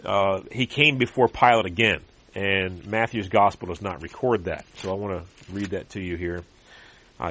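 Earnest preacher man, husky voice. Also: a bit bright. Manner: earnest, rises in pitch and volume when emphatic. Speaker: pastor. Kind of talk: sermon with scripture reading.

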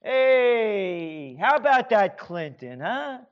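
A man's voice: sits high, very animated, takes it slowly, dull audio. An American man and author ranting sarcastically in a monologue, firing off rhetorical questions in a heated tone. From United States.

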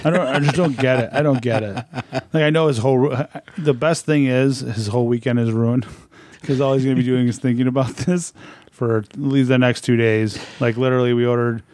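A man telling casual workplace stories, blunt and swearing in a deadpan way. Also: mid-range voice, a little fast, dry recording. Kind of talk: casual storytelling.

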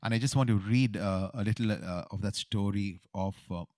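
A middle-aged man earnestly telling his survival testimony, halting often with fillers and repeated words. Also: on the low side, a little mellow, dry recording, clean studio sound.

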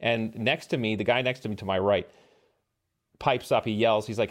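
A middle-aged man with a low-pitched voice telling a war story on a podcast. He speaks casually and animatedly, acting out the lines of the people in his story. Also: fairly even intonation, moderate pace. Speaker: podcast guest, former Navy SEAL.

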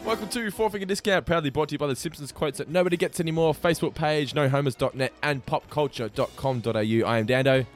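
A man co-hosting a casual podcast, chatty and brisk. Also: a little high, faint music behind. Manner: brisk, chatty, laughs often. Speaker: podcast co-host.

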